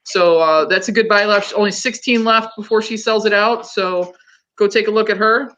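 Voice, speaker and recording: A woman's voice: medium pitch, steady tone, moderate pace, a bit bright, highs cut off. A woman hosting a casual livestream, chatting loosely with many ums and restarts. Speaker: host.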